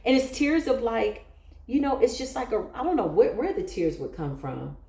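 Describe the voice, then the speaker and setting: A woman's voice: on the high side, sing-song, normal speed, creaky, mellow, reverberant. A woman giving an emotional, emphatic spiritual tarot reading, often breaking into exclamations. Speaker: tarot reader.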